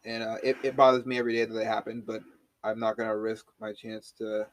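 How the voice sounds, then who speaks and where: A man hosting a casual podcast chat, telling stories in an animated way and swearing freely. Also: on the low side, fast.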